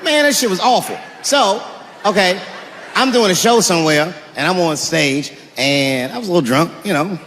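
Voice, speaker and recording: A man doing a stand-up comedy set, animated and shouting his punchlines while acting out characters. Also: high voice, moderate pace, long reverb tail, a little hiss or hum.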